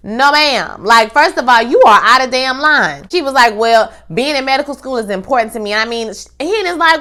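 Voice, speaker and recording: A young woman with a fairly high voice chats through a TV episode recap. She acts out what the characters say in quick, lively bits and drops slangy asides as she goes. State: pregnant. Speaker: TV recap host.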